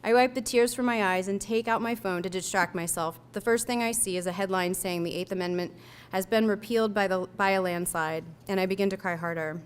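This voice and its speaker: A young woman reads her memoir aloud to listeners. Her voice is smooth and clear and sits at a middle pitch. She tells the story in an unhurried, reflective way. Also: fairly even intonation. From United States. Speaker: author reading her own essay. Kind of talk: reading a personal memoir aloud.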